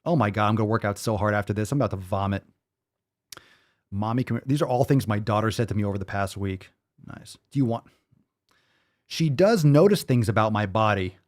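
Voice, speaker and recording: A man's voice: on the low side, lively intonation, fast. A man hosting a fitness show, ranting with sarcastic, profane disbelief in live-stream commentary. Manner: sarcastic, profane, incredulous rants.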